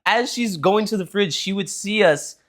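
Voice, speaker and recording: A young man co-hosting a podcast, telling an animated, profane story in casual chat. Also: high voice, normal speed. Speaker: podcast co-host.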